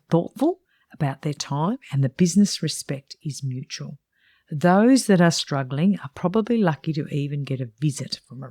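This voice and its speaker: A woman's voice: low-pitched, darkish tone, dry recording, clean studio sound. A middle-aged woman who mentors salon owners and hosts a podcast, reading her own book aloud in a frank, chatty way with wry asides.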